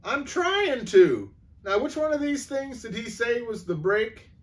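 A man voicing a bumbling teenage boy driving a truck, high and flustered in a read-aloud story. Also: wildly swooping pitch, moderate pace, far from the mic. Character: bumbling male teen driver, flustered.

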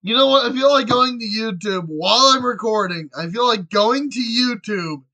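A man talks loosely over his gameplay, narrating his moves between jokes. His voice sits high with a bright, sharp edge. The tone is casual and irreverent, with frequent swearing. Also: moderate pace. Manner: chatty, jokey, swears freely. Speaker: gamer.

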